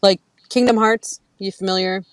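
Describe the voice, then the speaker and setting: Casting: woman, 30s, mid-pitched, chatty storyteller who acts out quotes and laughs often. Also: fairly even intonation, normal speed, no echo, low-quality recording. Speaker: guest. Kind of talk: casual chat.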